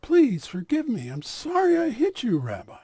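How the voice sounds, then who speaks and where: A man doing a loud, gruff burly bully. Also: very high voice, huge pitch swings, moderate pace, dry recording, voice pushed up, full character voice. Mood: pleading. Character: big burly rough male bully.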